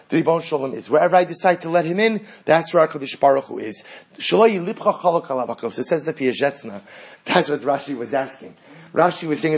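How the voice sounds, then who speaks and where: A man's voice: on the high side, breathy edge. A man teaching Torah in an impassioned sermon, building to emphatic peaks.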